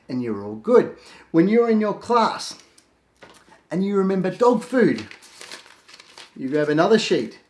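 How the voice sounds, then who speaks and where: A man teaching a productivity tip in a casual, lively way, acting out his own thoughts in quick asides. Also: mid-range voice. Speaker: productivity coach. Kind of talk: casual instructional talk to camera. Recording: echoey room.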